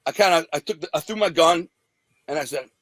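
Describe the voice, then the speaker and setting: Brief: streetwise man, slightly high voice, dry close sound, profane storyteller. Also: brisk, a bit bright, no room sound. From Detroit area, USA. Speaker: interview guest. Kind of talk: storytelling about his past.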